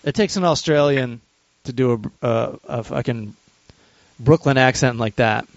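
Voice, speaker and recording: A man's voice: mid-range voice, a little slow, dry recording, highs cut off. A man in casual podcast chat who swears freely and laughs often. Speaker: podcast host.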